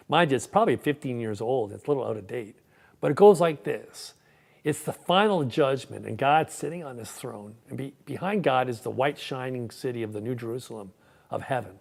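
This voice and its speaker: A man's voice: medium pitch, creaky, a little mellow. A male pastor giving a conversational sermon, often repeating words as he starts sentences. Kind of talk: sermon with a joke.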